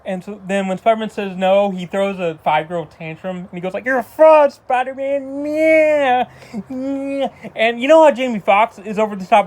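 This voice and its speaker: A movie reviewer ranting casually, exasperated and rambling with lots of restarts. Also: medium pitch. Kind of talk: casual spoken film review.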